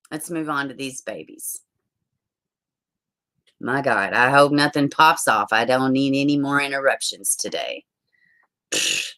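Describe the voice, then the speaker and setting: Woman streamer, bright tone, loose casual chat, swears freely. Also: very deep voice, sing-song, measured pace, pauses often. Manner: frustrated, swearing, ranting. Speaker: true crime livestream host.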